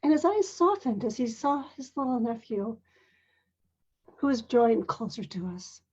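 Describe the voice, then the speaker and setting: An older woman tells a personal story from her life as a mother and grandmother in a gentle, earnest, measured way. Her voice sits a little high and has a husky edge. The recording sounds dull and lo-fi. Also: big pitch swings. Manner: gentle, earnest, measured, with occasional throat clearing. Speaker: parent sharing a personal story.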